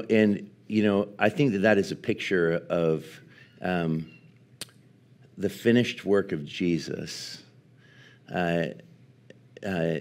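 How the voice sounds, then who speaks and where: Animated storytelling male pastor, low voice. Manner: animated storyteller, laughs often, many fillers. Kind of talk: sermon with a personal story.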